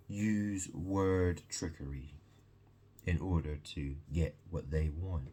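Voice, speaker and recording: A man talks alone in a slow, rambling monologue, circling back over the same points and dropping in profanity. His voice sits very low and has a husky grain, and he keeps pausing to check in with the listener. The delivery is unhurried throughout. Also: mellow.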